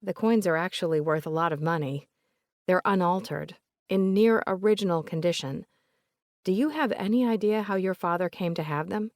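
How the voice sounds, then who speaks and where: A woman voicing a composed investigator with a North Carolina accent, asking questions in a calm, measured way. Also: on the low side, no room sound, studio quality, lightly acted.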